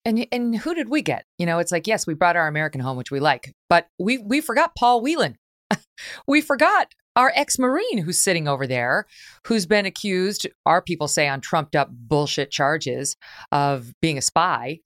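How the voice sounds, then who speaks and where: A woman's voice: on the low side, sing-song, normal speed, fairly bright tone, no echo, studio quality. Blunt woman hosting a talk show. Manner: blunt, conversational, questioning. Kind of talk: political talk show interview.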